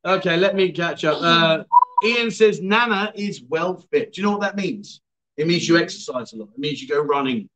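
A man's voice: on the high side, expressive, fairly quick, a bit bright, rough recording. A man hosting a casual livestream, reading out viewer comments and teasing his guests. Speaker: livestream host.

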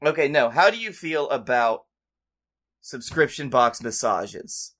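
A man co-hosting a comedy podcast, pitching silly ideas in a playful, profane way. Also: animated, a little slow, a bit bright. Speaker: podcast co-host. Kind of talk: casual comedy chat.

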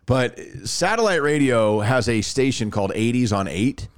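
A man co-hosting a podcast, chatting casually and telling stories with quick asides. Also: mid-range voice, smooth. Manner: animated storytelling, fast asides. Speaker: podcast co-host. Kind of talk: casual chat.

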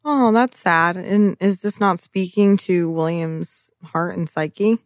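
Sarcastic podcast co-host, mid pitch, dry close recording, casual profanity. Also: no room sound. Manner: sarcastic, profane, quick teasing. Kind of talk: casual recap chat.

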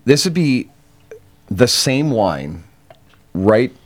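A man's voice: mid-range voice, big pitch swings, extremely slow. A man co-hosting a casual podcast, describing tastes and aromas in detail and comparing them to foods and wine. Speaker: podcast co-host reviewing cigars. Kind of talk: casual chat.

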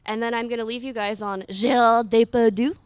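A woman's voice: a little high, steady tone, a little fast, clear, resonant tone, dry recording. A young adult woman co-hosting a casual podcast, chatty and self-deprecating as she runs through her notes. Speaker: podcast co-host. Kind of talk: casual chat.

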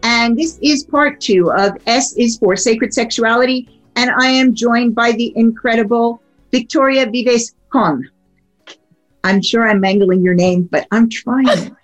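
A woman's voice: a little high, a little slow, soft background music. A woman hosting a radio talk show, asking questions in a thoughtful way with many fillers and restarts. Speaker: radio show host, sex therapist. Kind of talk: casual interview chat.

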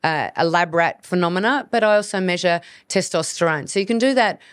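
A woman's voice: lowish voice, fairly quick, no echo, studio quality. A woman hosting an educational podcast, talking earnestly in a coaching manner and acting out inner voices. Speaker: podcast host, hormone practitioner. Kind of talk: solo educational podcast talk.

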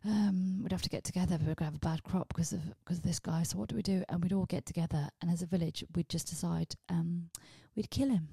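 A woman hosting a comedy podcast, telling a rambling, animated story and swearing freely. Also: fairly low pitch, fast talker, gravelly, hardly any pauses, breathy edge, dry recording. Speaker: podcast host. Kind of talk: comedic monologue.

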